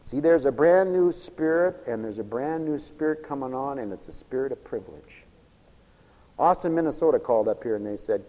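A man preaching a sermon, telling stories and acting out the lines of the people in them, dropping to a hush and then building to fervent cries. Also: mid-range voice, expressive, fairly quick. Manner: storytelling with acted-out quoted dialogue, swinging from hushed to fervent cries. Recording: long echoey hall reverb.

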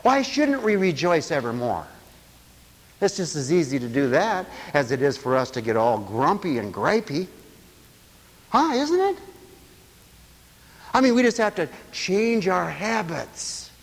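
A man preaching a lively sermon, telling stories and acting out the voices of the people in them. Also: a little high, measured pace, pauses often, long reverb tail, rough recording. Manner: animated storyteller, acts out quoted voices, laughs often.

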